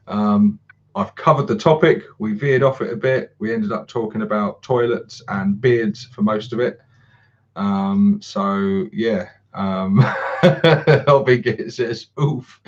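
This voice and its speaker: Low-voiced man rambling on a stream. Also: highs cut off. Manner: rambling, swears freely, many ums, chuckles. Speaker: channel host. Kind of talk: casual livestream chat.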